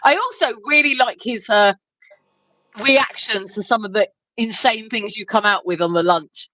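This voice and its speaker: A woman's voice: medium pitch, normal speed, pushed and bright, no room sound, low-quality recording. A British woman co-hosting a livestream, chatty and giggly as she reads viewer comments aloud. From United Kingdom. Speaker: co-host reading chat. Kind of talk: casual livestream chat.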